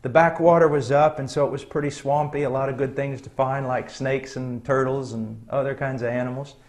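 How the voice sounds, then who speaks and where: A middle-aged man preaching a sermon, telling a personal story in an earnest, conversational way with frequent pauses and soft chuckles. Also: mid-range voice, steady tone.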